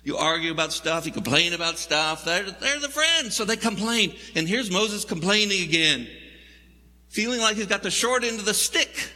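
A man's voice: sits high, normal speed, bright, forceful tone, big-room sound. A male pastor preaching a sermon, telling the story in a conversational, wry way with jokes.

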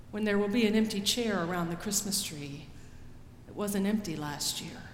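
A woman pastor preaching a sermon in a slow, deliberate way, rising for quoted pleas and dropping soft after them. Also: medium pitch, slight background noise. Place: church sanctuary. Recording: roomy church with long reverb.

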